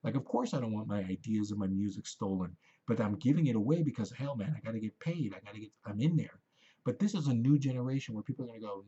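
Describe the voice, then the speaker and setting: A man's voice: medium pitch, animated, quick pace, mellow, husky, highs cut off. A man ranting into the camera in a rambling, profane, heated monologue. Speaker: vlogger.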